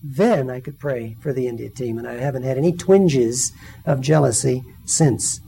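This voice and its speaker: A man's voice: mid-range voice, normal speed, gravelly, mellow, soft background music, poor audio. A man in his fifties giving a personal testimony sermon, telling stories and acting out the voices of the people in them. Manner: storytelling, acts out quoted voices.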